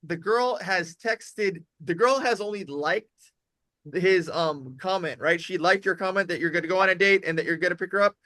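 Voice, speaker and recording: A man with a high, bright voice coaches a younger guy on dating in blunt, rapid street talk, swearing as he goes. The sound is close and dry, with no room around it. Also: no room sound. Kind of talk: casual coaching chat.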